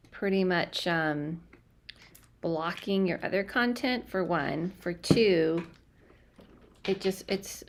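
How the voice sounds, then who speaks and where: A young woman chats loosely into her phone on a home livestream, talking at an ordinary middle pitch. She rambles and stops to restart her sentences, her words full of fillers and asides. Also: creaky. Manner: chatty, scattered, many fillers and restarts. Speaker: medium doing live readings. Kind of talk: casual livestream chat. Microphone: phone or webcam livestream.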